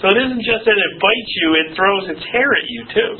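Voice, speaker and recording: A man preaching a sermon at a church service, lively, mixing Bible readings with stories. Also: sits high, fairly quick. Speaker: pastor. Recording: tinny phone-like recording with faint noise.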